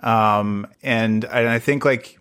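A man with a fairly low voice speaks as a podcast guest. He talks earnestly but loosely, circling back with fillers and restarts as he gathers his thoughts. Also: steady tone, slow pace, fairly bright tone, smooth. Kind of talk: casual interview conversation.

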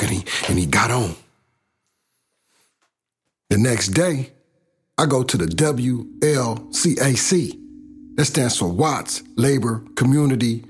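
A middle-aged man from South Los Angeles telling his own life story in a blunt, profane, casual way. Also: mid-range voice.

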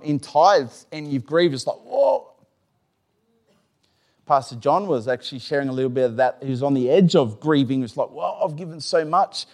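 A middle-aged man, preaching a sermon in a chatty, animated way, acting out his own inner voice and laughing often. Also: fairly high pitch. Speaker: pastor. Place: church.

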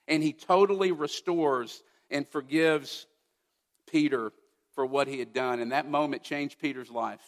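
Male pastor, pitched a bit high, emphatic sermon delivery with rhetorical questions, long hall reverb. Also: measured pace. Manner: emphatic, rhetorical questions, swings from loud to hushed.

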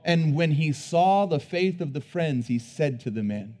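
Slightly high-voiced male preacher. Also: lively intonation, unhurried. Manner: swings between hushed, low emphasis and loud, emphatic bursts; repeats words while building a point, with casual asides. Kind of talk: sermon.

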